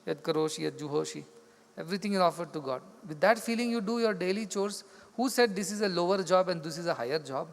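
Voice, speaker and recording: Indian English man, spiritual discourse, repeats and acts out stories, a little high-pitched, echoing hall. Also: expressive, quick pace, vocal fry. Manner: explains with repetition, acts out quoted voices. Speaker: spiritual teacher. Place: large hall. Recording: long hall reverb.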